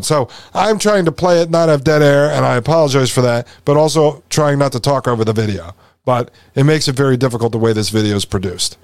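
A man's voice: medium pitch, no echo. A man hosting a podcast, commenting over a video he is playing, emphatic and repetitive, with sarcastic asides. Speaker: podcast host.

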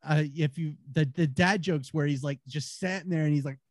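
A man guest on a casual podcast, telling stories and jokes in an animated, laughing way. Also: on the high side, a little fast, dry recording. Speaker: guest, former radio host.

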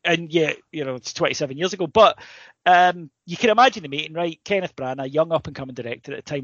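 A man co-hosting a comedy podcast, rambling through an animated, sweary story. His voice sits a touch higher than most men's. The sound is dry and slightly muffled. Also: quick pace, no room sound. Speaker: podcast co-host. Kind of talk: casual comedic chat.

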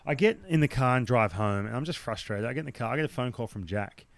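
Animated Australian man telling a story. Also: mid-range voice, fast talker, creaky. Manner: animated, acts out the dialogue of others; blunt, swears now and then. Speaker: podcast guest, former baseball pitcher. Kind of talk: casual storytelling.

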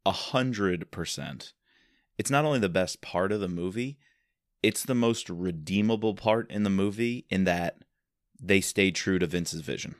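Low-voiced man sharing opinions. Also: a little slow, no echo, studio quality. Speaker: podcast host. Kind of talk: casual book discussion.

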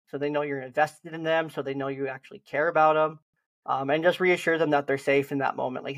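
A young man co-hosting a podcast, chatting casually and acting out gentle reassuring lines to a lost child. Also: on the high side, fairly even intonation, fairly quick. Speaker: podcast host. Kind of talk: casual chat.

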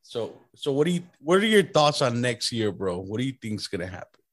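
A man's voice: medium pitch, very animated, brisk, a bit bright. A man hosting a podcast in a casual chat, laid-back, slangy, and profane. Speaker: podcast host.

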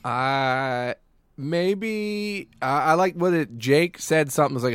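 Male co-host, mocking, rambling, a touch higher voice. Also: expressive, slow, fairly bright tone, clear, resonant tone, no echo, studio quality. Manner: rambling, mocking, does silly quoted voices. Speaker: podcast co-host. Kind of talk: casual movie review chat.

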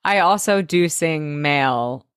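A woman co-hosting a TV rewatch podcast, chatting animatedly and swearing freely. Her voice is on the low side for a woman. It is recorded close and dry, with no room sound. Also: expressive, measured pace, smooth, dry recording. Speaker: podcast co-host. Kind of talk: casual chat, TV rewatch recap.

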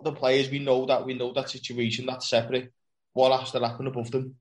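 A man's voice: mid-range voice, little pitch movement, fairly quick, a little hiss or hum. A man hosting a casual podcast, asking his mates questions in a rambling, friendly way. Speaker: podcast host.

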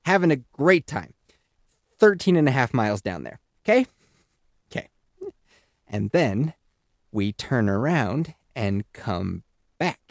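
Man, young adult, podcast host, comedic rant, lively pitch, dry sound. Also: takes it slowly, creaky, pauses often, dry recording. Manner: animated, swearing, laughing at his own story; exaggerated voices for quoted people.

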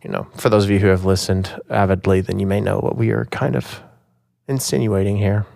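A man co-hosting a podcast in casual chat, animated and playful. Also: on the low side, fairly quick, vocal fry, no room sound, clean studio sound. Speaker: podcast co-host.

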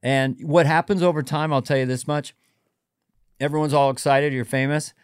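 A man's voice: fairly high pitch, fairly even intonation, normal speed, smooth, no room sound, studio quality. A middle-aged man, a comedian guest in casual podcast chat, musing and giving advice in a wandering way.

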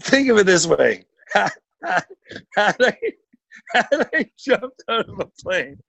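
A man with a notably high voice chats casually and breaks into amused laughter as he reacts. The recording is dry and close, with no room echo. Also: very animated, normal speed, creaky, fairly bright tone. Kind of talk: casual chat.

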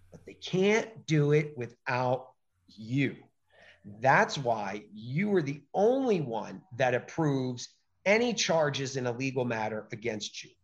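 Animated, emphatic man, lo-fi sound. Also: fairly high pitch. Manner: animated, emphatic, acts out quoted exchanges. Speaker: podcast guest. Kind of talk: conversational interview.

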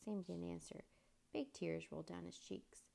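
A woman narrating a children's chapter book aloud at a steady pace. Her voice sits low and has a gravelly edge. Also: normal speed.

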